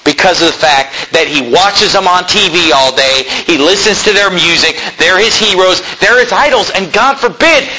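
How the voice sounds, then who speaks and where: Husky high-voiced man preaching emphatically. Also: animated, moderate pace, hardly any pauses, pushed and bright, poor audio. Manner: emphatic preaching with rhetorical questions to the congregation. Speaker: pastor. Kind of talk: sermon. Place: church pulpit.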